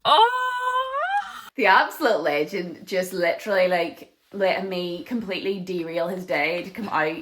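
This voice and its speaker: A woman's voice: lowish voice, moderate pace, hardly any pauses, a bit bright. A young adult woman vlogging to camera in a casual, chatty way, full of filler words.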